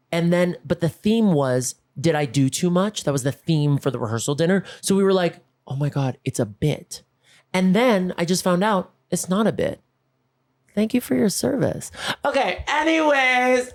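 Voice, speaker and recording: A man's voice: on the high side, a little mellow. A man hosting a podcast, telling a comic story and acting out both sides of each conversation. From Los Angeles. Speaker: podcast host. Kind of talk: comedic storytelling monologue.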